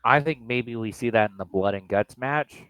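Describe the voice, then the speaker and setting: A man's voice: medium pitch, moderate pace, a bit bright, clean tone, no room sound, low-quality recording. A man co-hosting a casual wrestling review podcast, blunt and opinionated in his takes. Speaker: podcast co-host.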